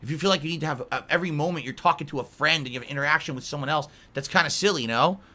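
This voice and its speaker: A man in his early forties answers live chat on a stream at a very fast clip, his slightly high voice pushed and bright. He is blunt and easily irritated, calling viewers idiots.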